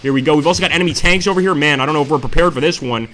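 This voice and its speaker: A man's voice: a little high, racing, a bit bright, a little hiss or hum. A man giving enthusiastic let's-play commentary on a war strategy game, often calling his viewers "guys". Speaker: gameplay commentator.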